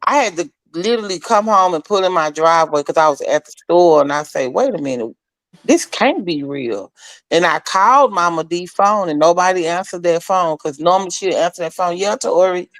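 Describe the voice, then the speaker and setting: A woman sharing memories of a friend in a casual conversation, telling stories in an animated way and acting out what others said. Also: on the low side, a little fast, hardly any pauses, no room sound, rough recording. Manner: animated storyteller, acts out quoted voices.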